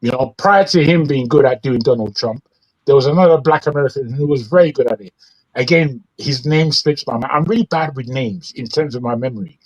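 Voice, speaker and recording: A man's voice: mid-range voice, fairly quick, muffled recording. A man with a British accent hosting a news talk show, giving opinionated, rambling commentary and repeating words when he gets worked up. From Britain.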